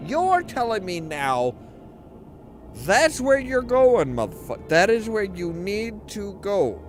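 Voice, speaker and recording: A man's voice: high voice, very animated, slow pace, soft background music. A man commentating a video game, rambling and swearing as he jokes about the story. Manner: rambling, profane, joking. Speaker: let's play commentator. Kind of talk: gaming commentary.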